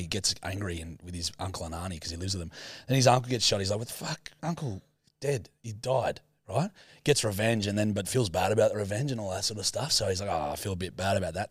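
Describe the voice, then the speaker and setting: A man's voice: low-pitched, no room sound. A man co-hosting a podcast, casually and crudely rambling through a plot with lots of slang and swearing. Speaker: podcast co-host. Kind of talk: casual chat, describing a film for a guessing game.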